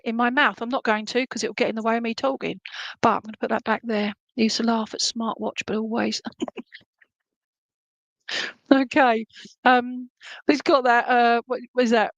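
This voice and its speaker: A woman giving live psychic readings to viewers, chatty and animated, humming tunes and relaying messages as she goes. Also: fairly high pitch, no room sound.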